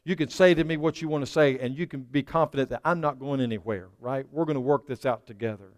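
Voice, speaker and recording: In a large hall, a middle-aged male pastor preaches fast in a mid-range voice. He calls out to his congregation, swinging between loud emphasis and quiet asides.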